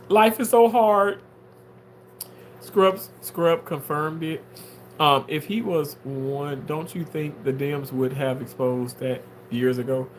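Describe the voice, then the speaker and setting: A livestreamer reading viewer comments in casual chat, drawling with many fillers and swinging into shrill, theatrical mock wailing. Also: slow pace, a little hiss or hum. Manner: drawling, filler-heavy talk. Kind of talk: casual live-stream chat.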